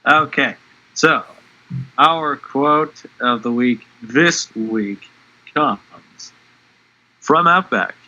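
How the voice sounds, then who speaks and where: A man with a bright, ringing voice co-hosts a casual podcast from an online call. He talks in an animated, self-deprecating way. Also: medium pitch, very slow, long pauses, highs cut off. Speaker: podcast co-host. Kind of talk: casual chat.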